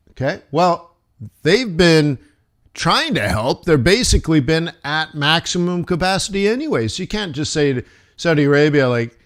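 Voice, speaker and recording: Animated man streaming forex commentary. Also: a little high. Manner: animated, jokey, talks fast with laughs and asides. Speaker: live forex trading streamer. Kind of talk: casual live-stream market commentary.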